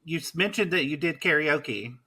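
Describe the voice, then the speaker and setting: Low husky woman podcast host. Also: expressive, moderate pace, sharp tone. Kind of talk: casual chat.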